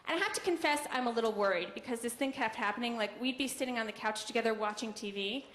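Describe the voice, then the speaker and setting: A young woman doing a stand-up comedy set with a deadpan, conversational delivery and quick asides to the audience. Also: on the high side. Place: comedy club stage. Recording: roomy club recording with noise. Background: audience laughter.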